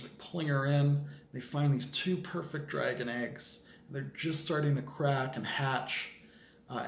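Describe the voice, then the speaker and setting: A male writer talks through his story in a casual, rambling way, full of uh and like. His voice sits at an ordinary pitch. The room is echoey, with a faint hiss behind him. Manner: rambling, with many fillers. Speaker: fiction writer. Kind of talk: casual vlog explanation of a story.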